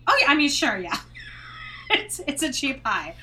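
A young woman co-hosting a podcast, jokey and quick with reactions in casual chat. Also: high-pitched, big pitch swings, bright, forceful tone. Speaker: podcast co-host.

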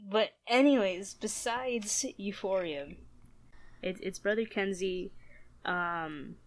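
A young woman co-hosting a casual podcast, soft-spoken and dry, often trailing off quietly. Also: medium pitch, takes it slowly. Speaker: podcast co-host.

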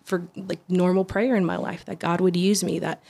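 A woman, an interview guest telling a story casually, animated, with restarts and acted-out quotes. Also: fairly low pitch, moderate pace, gravelly, breathy edge.

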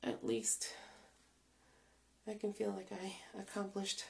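A tired, out-of-breath young woman talking casually while doing her hair, slowly and softly, often dropping to a whisper. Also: mid-range voice, expressive, vocal fry. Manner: slow, soft, often trailing into whispers. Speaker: vlogger.

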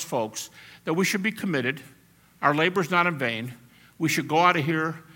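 A man preaching a sermon as pastor, animated and at times shouting as he acts out quotes. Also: medium pitch.

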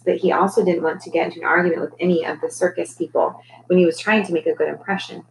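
A woman with a low voice reading a children's novel aloud to her class, unhurried and clear. Her narration is gentle and even, with a faint bit of noise in the background. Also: poor audio.

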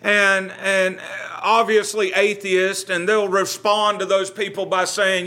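A man's voice: high-pitched, flat delivery, slow pace, few pauses, bright, forceful tone. A man, a pastor leading a Bible study, speaking earnestly and conversationally, often repeating words as he gathers his thoughts.

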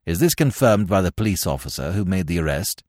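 A man puts on an impatient commissioner who snaps out questions harshly and emphatically, as in an audiobook. The voice is deep and animated, recorded dry and close. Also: brisk, dry recording. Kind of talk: dramatic audiobook reading.

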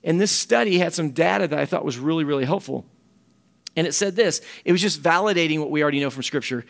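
A man's voice: fairly high pitch, vocal fry. A middle-aged man, a camp ministry director giving a folksy conference talk with quoted voices.

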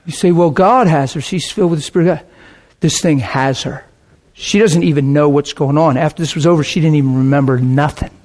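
A man preaching, telling a lively testimony story with laughter and a short sung passage. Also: on the high side, brisk, hardly any pauses. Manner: animated storytelling, bursts of laughter, sings a hymn line. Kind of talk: testimony sermon.

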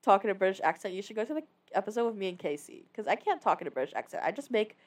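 A woman's voice: medium pitch, very animated, racing, far from the mic. A young woman co-hosting a casual podcast chat, blunt and swearing freely. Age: young adult. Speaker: podcast co-host.

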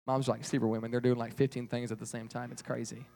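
A man's voice: mid-range voice, flat delivery, fast, creaky, warm tone, big-room sound. A man telling a Bible story to children in a chatty, playful way. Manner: chatty, playful, voicing characters.

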